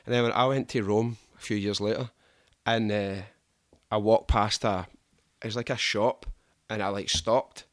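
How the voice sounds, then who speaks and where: Scottish male host, low pitch, dry close sound, animated and sweary storyteller. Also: normal speed, dry recording. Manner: animated, sweary, laughs a lot. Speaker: podcast host. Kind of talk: casual storytelling chat.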